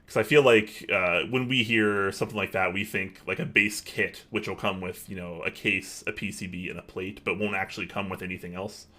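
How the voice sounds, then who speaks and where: A man's voice: deep voice, fairly even intonation, fairly quick, few pauses, pushed and bright. A man co-hosting an online show, chatting casually and rambling with many fillers while reading viewer questions. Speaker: podcast co-host.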